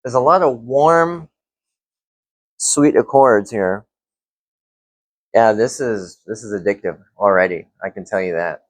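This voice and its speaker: Relaxed man rambling through a fragrance review. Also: lowish voice, measured pace, long pauses, no room sound. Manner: relaxed, rambling, filler-heavy. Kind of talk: casual vlog review.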